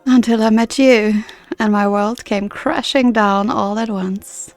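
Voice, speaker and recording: A woman reading aloud the lines of an earnest, formal woman guardian from a game, in a measured, soft-spoken way. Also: mid-range voice, fairly even intonation, no echo, faint music behind, lightly acted.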